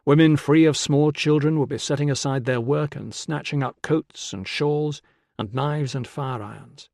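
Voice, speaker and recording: A man narrating an audiobook in a measured, even storytelling manner. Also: on the high side, creaky, dry recording. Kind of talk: scripted narration. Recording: dry close studio sound.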